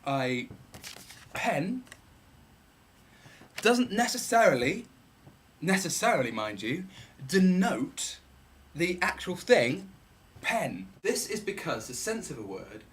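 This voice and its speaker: A man's voice: fairly high pitch, fairly bright tone. A young man casually explaining a philosophy idea on his vlog, playful and rambling, repeating words for effect.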